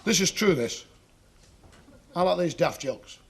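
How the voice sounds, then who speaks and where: Stand-up guy doing one-liners, gravelly voice, old tv tape with loads of hiss. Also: on the high side, lively intonation. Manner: quick one-liners, mock-innocent asides. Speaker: stand-up comedian.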